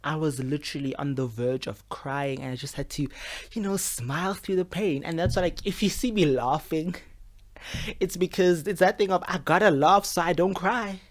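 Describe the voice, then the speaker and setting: Young man in his twenties, casual to-camera vlog at home, expressive and frustrated, lots of fillers. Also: fairly high pitch, normal speed. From South Africa. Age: 20s. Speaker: medical student vlogger. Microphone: camera with a mic.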